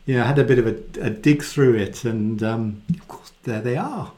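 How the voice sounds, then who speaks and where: A man giving a casual, animated Bible talk and often acting out the quoted voices in it. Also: mid-range voice, normal speed. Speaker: Bible teacher. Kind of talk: conversational Bible teaching.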